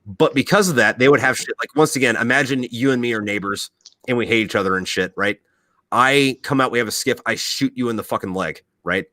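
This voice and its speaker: A man hosting a podcast who is a military veteran, telling profane, animated stories in casual chat. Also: medium pitch, brisk, dry recording.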